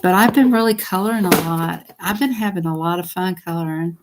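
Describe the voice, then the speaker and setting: A woman, hosting a casual livestream from home at night on a desktop computer mic. She chats excitably with her viewers and laughs often. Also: lowish voice, fairly quick, noisy background. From Southern United States. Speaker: livestream host.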